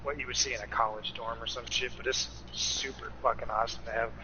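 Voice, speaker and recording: A man's voice: mid-range voice, little pitch movement, fast. A man co-hosting a podcast in casual chat, laid-back, swearing and arguing points. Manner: laid-back, argumentative, profane. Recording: dull lo-fi audio, faint noise.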